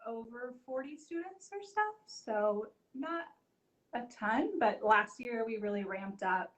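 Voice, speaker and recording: A woman with a Texan accent, a host mom and local coordinator chatting casually in an interview, bubbly and quick to laugh. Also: a little high, expressive.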